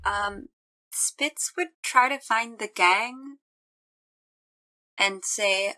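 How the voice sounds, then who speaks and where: Bright-voiced woman, thoughtful. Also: medium pitch, very slow, long pauses. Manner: thoughtful, uncertain. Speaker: player. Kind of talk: casual tabletop play.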